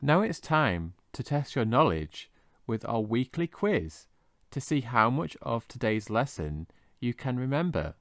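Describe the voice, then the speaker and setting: A man teaching English vocabulary in a scripted lesson, slowly and carefully modelling how each word is pronounced. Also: medium pitch, very animated, fairly bright tone, no room sound, clean studio sound. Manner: slow, careful modelling of pronunciation.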